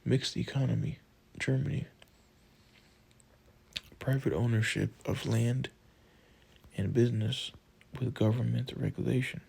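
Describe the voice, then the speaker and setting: Slow, gravelly male audiobook narrator. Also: mid-range voice, fairly even intonation, a little mellow, low-quality recording. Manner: slow, measured reading of list items.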